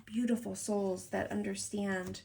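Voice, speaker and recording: Gushing tarot reader woman with vocal fry. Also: mid-range voice, little pitch movement, unhurried, background noise. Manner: gushing, affectionate and emotional. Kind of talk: tarot reading to camera.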